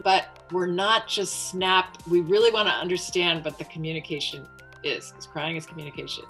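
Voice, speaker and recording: A woman guest in an interview, explaining parenting in a calm, thoughtful way and brightly voicing a parent's words. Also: fairly low pitch, normal speed, soft background music, rough recording. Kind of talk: casual interview talk.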